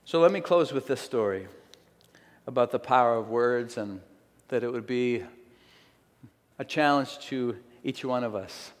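A man giving a sermon, telling a story aloud in an earnest, slow, emphatic way. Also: mid-range voice. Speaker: preacher. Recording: long hall reverb.

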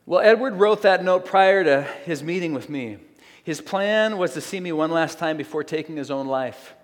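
A man delivers a sermon, reading a story aloud with earnest, slow emphasis. His voice sits a little higher than most men's. The sound rings with the long reverb of a large hall. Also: lively intonation. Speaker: preacher.

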